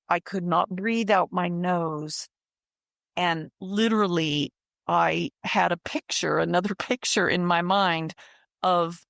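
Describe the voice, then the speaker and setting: Slow, gravelly older woman telling her story. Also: fairly low pitch, a bit bright, dry recording, studio quality. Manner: slow, earnest storytelling with repeated phrases. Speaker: interview guest. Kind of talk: personal testimony in interview.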